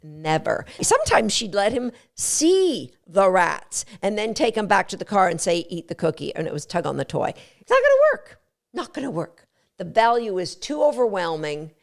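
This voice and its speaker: A woman dog trainer hosting an instructional podcast, emphatic and lively, acting out little quotes as she explains. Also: medium pitch, normal speed, vocal fry. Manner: animated, emphatic, acts out quotes.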